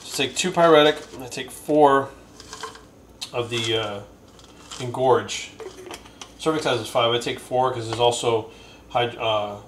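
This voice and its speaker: A young man chatting casually in a vlog, cursing often and getting excitable. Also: mid-range voice, a little slow, long pauses, a little hiss or hum. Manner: profane and excitable, talks baby talk to his dog. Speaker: bodybuilding coach and vlogger.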